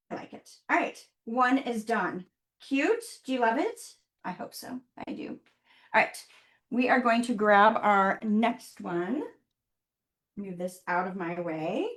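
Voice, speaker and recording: A woman with a mid-range voice hosts a live online craft workshop, chatting upbeat with viewers while she works. The sound is reverberant.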